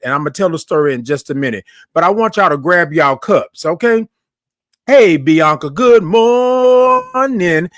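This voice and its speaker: A man's voice: sits high, no room sound, studio quality. A man hosting a live morning talk stream. He chats casually with his viewers, says "y'all" and greets people by name in long, sung greetings. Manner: Southern-style informal speech, says "y'all". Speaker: host of a live morning show.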